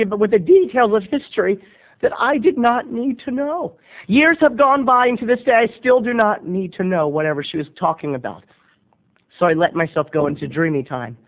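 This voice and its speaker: A man in his thirties telling a comic story in a melodramatic, theatrical monologue, on a dull lo-fi camera recording. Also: high-pitched. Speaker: video blogger.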